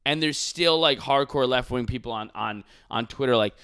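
A man in casual podcast chat, ranting with animated profanity. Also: mid-range voice, normal speed, few pauses, smooth.

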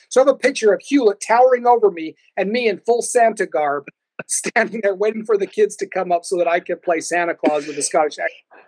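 Animated, higher-voiced man telling stories. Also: fast, no room sound, rough recording. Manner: animated storyteller who laughs often. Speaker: podcast guest. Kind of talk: casual storytelling chat.

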